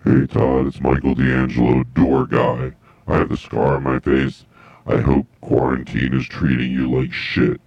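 A man imitating a deep-voiced, gruff male comedy club doorman, with a deadpan, insulting manner. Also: unhurried, dry recording, highs cut off, heavily acted. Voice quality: deep, gravelly.

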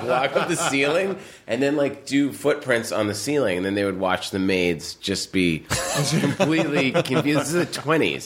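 A man's voice: lowish voice, a bit bright. Rambling man spinning casual anecdotes. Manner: rambling anecdotal storytelling with many fillers. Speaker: podcast co-host telling stories. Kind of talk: casual chat.

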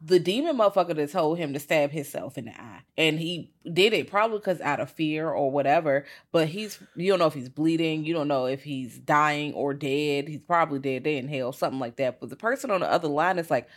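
A woman co-hosting a casual film review podcast, telling scenes in a lively, slangy, profane way and acting out characters' lines. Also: sits low, a little fast, hardly any pauses. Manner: animated, acts out characters' lines in voices. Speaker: podcast co-host.

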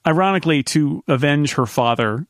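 A man's voice: on the high side, lively intonation, brisk, no echo, clean studio sound. A man hosting a casual podcast chat, recapping a series in a rambling way with lots of restarts. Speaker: podcast host.

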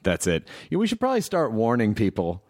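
A man's voice: lowish voice, huge pitch swings, fairly quick, darkish tone, dry recording, clean studio sound. A man hosting a casual interview, joking and playful. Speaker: podcast host.

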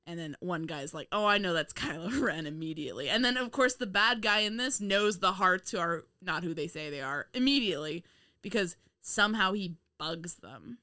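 Woman, podcast co-host, casual chat, frequent laughs, exasperated teasing, bright tone. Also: fairly low pitch, lively intonation, normal speed, no echo, studio quality. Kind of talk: casual chat reviewing a TV episode.

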